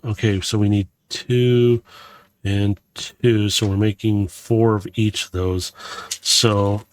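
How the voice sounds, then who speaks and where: A vlogger from Missouri talks casually while building a Lego set, rambling a bit and filling his commentary with fillers and self-corrections. His voice is lowish, and the recording has no room sound.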